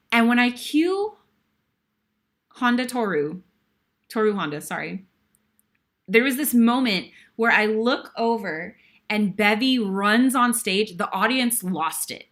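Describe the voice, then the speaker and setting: A woman's voice: medium pitch, fairly bright tone. A woman in her thirties, a guest host, telling a stage story with lots of emotion and some sighs. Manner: emotional, breathless retelling with sighs. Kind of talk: animated storytelling.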